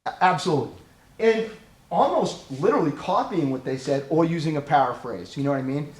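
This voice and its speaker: A man's voice: fairly high pitch, brisk. A man giving a crisis-intervention training talk in a conversational way. He often acts out scenarios and checks in with his audience. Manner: animated, acts out scenarios in quoted voices. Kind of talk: training presentation.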